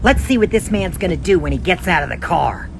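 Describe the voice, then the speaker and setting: A man's voice: high-pitched, sing-song, a little fast, vocal fry, background noise. A man narrating his prank to camera outdoors with wry, joking asides. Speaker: prank segment reporter. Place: parking lot outdoors.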